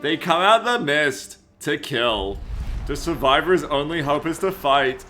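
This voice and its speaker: Guy doing a slow dramatic trailer narrator, grave and drawn out, bit of music behind. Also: fairly high pitch, expressive, sharp tone, pitched above the performer's own voice. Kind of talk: mock-epic reading of a game intro.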